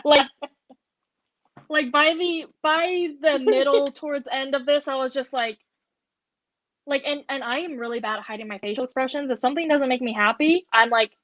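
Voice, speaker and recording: Casting: young woman, higher voice, chatty rambling storyteller, dull dry lo-fi recording. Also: normal speed, fairly bright tone, dry recording. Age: young adult. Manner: rambling storytelling, heavy on filler words. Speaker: podcast co-host. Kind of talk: casual chat.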